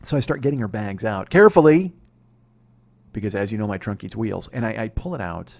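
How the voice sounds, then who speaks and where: A man's voice: on the low side, animated, a little fast, gravelly, a little mellow. A man in his forties, a comedy podcast host telling a rambling, profane, sardonic story. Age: 40s.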